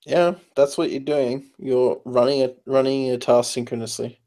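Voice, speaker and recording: A man's voice: medium pitch, fairly even intonation, moderate pace, dark tone. A tired man, up late at night, explaining programming choices in casual chat, hesitant with many fillers. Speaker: programmer giving advice.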